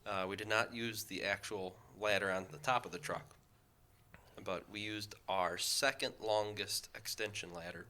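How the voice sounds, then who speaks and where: A man co-hosting a podcast in a casual chat, relaxed and chatty, tossing in short reactions. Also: fairly low pitch, moderate pace, clear, resonant tone. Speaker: podcast co-host, firefighter.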